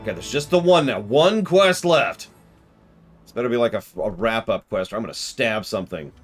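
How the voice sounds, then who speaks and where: Animated male game streamer. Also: on the low side, soft background music. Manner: animated, exasperated outbursts, retells scenes with quick mock voices. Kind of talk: casual let's-play commentary.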